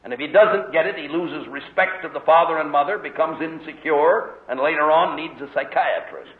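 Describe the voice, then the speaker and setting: A man's voice: a little high, normal speed. A man preaching a sermon, telling stories and acting out the voices in them. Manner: animated storytelling, acts out voices in quotes. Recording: phone-like lo-fi echoey hall recording. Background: congregation heard responding.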